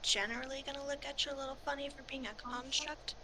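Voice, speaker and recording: A woman's voice: sits high, steady tone, fast talker, bright, forceful tone, a little hiss or hum. A woman chatting bluntly and casually as a player in a tabletop game.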